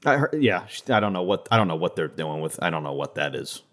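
A man's voice: sits low, big pitch swings, fast talker, fairly bright tone. A man co-hosting a podcast, chatting about wrestling in a loose, rambling way with lots of filler words. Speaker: podcast co-host. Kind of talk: casual wrestling chat.

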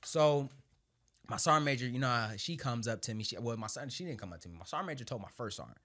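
Talking fast and expressively, a young Marine sergeant shares his own story as a guest in a casual chat. Laughter runs through his anecdotes, along with plenty of swearing, and his voice goes low and quiet in reflective moments.

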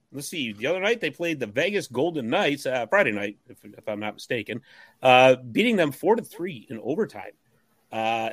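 A man hosting a casual sports podcast, hyping up his co-hosts with lively introductions. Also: medium pitch, no echo. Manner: upbeat hype-man introductions. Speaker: podcast host.

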